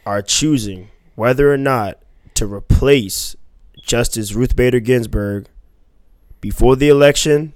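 Casual male podcast co-host, relaxed banter, dry close mic. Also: mid-range voice, a little slow, dry recording. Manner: laid-back, steers topics with asides.

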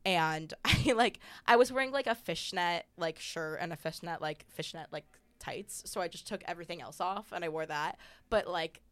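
A woman comedian on a podcast, spinning stories with a giggly, animated delivery. Her voice sits a little low, and she talks in quick bursts of chat. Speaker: comedian guest.

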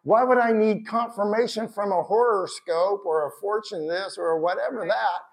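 A man preaching a sermon in a conversational, animated way, with bursts of shouted emphasis. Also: high voice, normal speed, vocal fry. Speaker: pastor.

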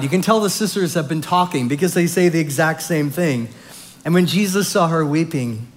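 A man delivers a sermon, reading scripture aloud and then unpacking it. His voice sits a little high for a man, and he plays the quoted lines with feeling, lifting his voice for emphasis. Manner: expressive, acts out quoted lines with rising emphasis. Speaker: pastor.

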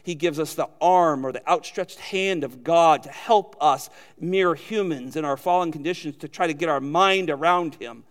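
Animated male preacher in a reverberant hall. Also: fairly high pitch, moderate pace, hardly any pauses. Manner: animated, acts out quoted voices. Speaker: pastor. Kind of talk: sermon.

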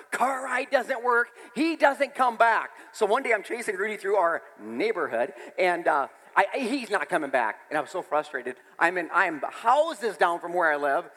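A man preaching a sermon in a church, animated and storytelling, with laughs and sudden shouts. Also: high-pitched, in a large hall. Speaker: pastor.

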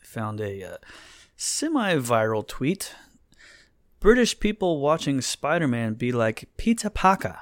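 A man's voice: medium pitch, very animated, a little slow, no echo, clean studio sound. An American man co-hosting a podcast, chatting casually and joking sarcastically while reading posts aloud. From United States. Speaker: podcast co-host.

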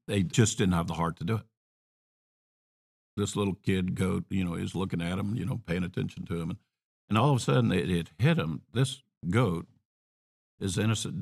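Deep, gravelly-voiced male preacher. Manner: storytelling, shifts from emphatic rises to quiet asides. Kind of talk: sermon.

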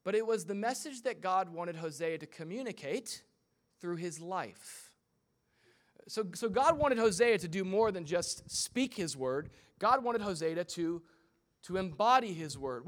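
High-voiced joking young pastor. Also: male voice, animated, a bit bright. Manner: conversational and humorous, acting out quick voices. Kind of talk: sermon.

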